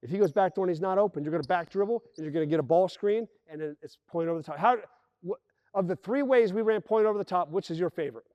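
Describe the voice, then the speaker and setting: His voice sits high and he talks fast, energetically running a basketball team through plays in an indoor gym while calling out actions and acting out players' lines. There's no echo, though the sound is dull.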